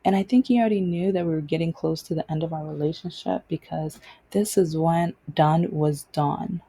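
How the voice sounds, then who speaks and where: Woman, vlog host, casual storytelling, warm mellow tone, breathy edge, rambling. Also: low-pitched, moderate pace. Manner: conversational, rambling with many restarts.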